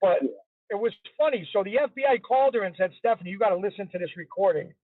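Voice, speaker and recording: A man's voice: high-pitched, fast. A man as an interview guest, telling a story in a chatty, casual way and repeating himself for emphasis. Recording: tinny phone-line sound, dry.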